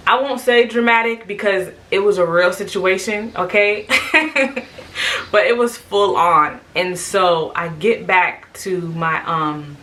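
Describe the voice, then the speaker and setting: A young woman telling a story in a casual, animated way, acting out what people said. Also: mid-range voice, slow pace, recorded from a distance, slight background noise, poor audio. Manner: animated, lively, quotes people in raised voices. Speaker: vlogger.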